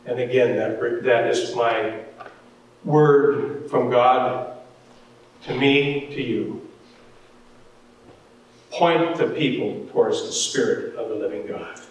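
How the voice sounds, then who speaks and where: A man pastor preaching a sermon, animated and jokey, acting out the characters in the story. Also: medium pitch, takes it slowly, pauses often. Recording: echoey hall from far off.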